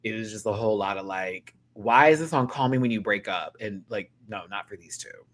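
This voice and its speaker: A young man hosting a live review chat, sassy and animated, laughing and then dropping to quiet asides. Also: fairly low pitch, a little fast. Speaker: host reviewing a reality show live.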